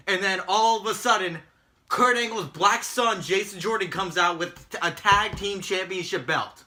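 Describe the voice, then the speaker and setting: Bright-voiced man ranting. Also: on the high side, lively intonation, normal speed. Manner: exasperated, mocking, swears often. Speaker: podcast co-host recapping wrestling. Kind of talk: casual profane rant.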